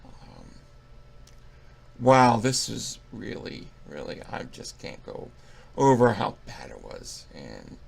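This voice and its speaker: A man's voice: on the low side, huge pitch swings, takes it slowly, vocal fry, pauses often, slightly rough. A young man giving a casual movie review, profane, rambling and mocking.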